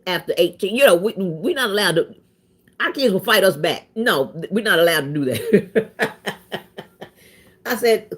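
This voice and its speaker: A woman's voice: lowish voice, moderate pace, breathy edge. A woman, chatting casually and animatedly as a vlogger telling personal stories. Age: 30s. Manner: animated, emphatic, swings into quoted voices. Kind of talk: casual storytelling chat.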